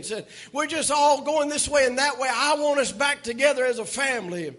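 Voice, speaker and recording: A man preaching a sermon. His voice sits very high and sounds husky and grainy. He tells his story in a folksy, animated way and now and then breaks into shouts. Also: brisk, hardly any pauses. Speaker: pastor.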